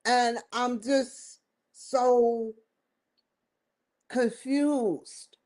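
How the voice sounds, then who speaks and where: A woman's voice: a little high, fairly even intonation, extremely slow, a little mellow. A woman hosting her own show, giving an emphatic, rambling opinion commentary that circles back and repeats points. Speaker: show host.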